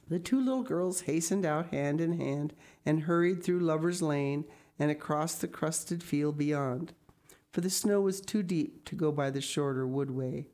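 A woman narrating an audiobook in a calm, measured, descriptive way. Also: low voice.

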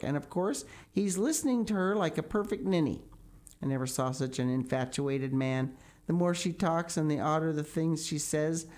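A stern, practical older woman guardian with a brisk, dry, scolding delivery, as a woman reading a storybook puts her on. She sounds no-nonsense and sharp. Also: fairly low pitch, natural voice.

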